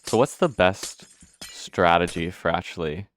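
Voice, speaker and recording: Deep-voiced man rambling through gameplay. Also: expressive, measured pace, fairly bright tone, slight background noise. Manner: rambling, self-correcting, swears casually. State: hiccuping. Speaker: gameplay video host. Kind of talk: casual gameplay commentary.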